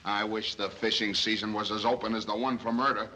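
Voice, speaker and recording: A man playing a brash, impatient police inspector in a 1930s film, gruff and wisecracking as he barks orders. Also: on the low side, little pitch movement, a little fast, pushed and bright, poor audio.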